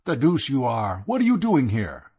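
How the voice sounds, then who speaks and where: Guy doing an indignant old gent, blustering, pitch jumping. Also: wildly swooping pitch, measured pace, husky, exaggerated voice.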